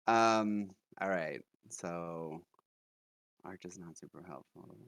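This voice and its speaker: A man's voice: low-pitched, takes it slowly, fairly bright tone, no room sound. A man playing a tabletop game, asking questions in a casual way. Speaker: player.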